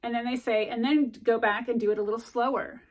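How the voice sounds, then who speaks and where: A woman's voice: a little high, fairly even intonation, quick pace. A middle-aged woman chatting casually to camera as a vlogger, rambling with lots of ums and likes as she gives study tips.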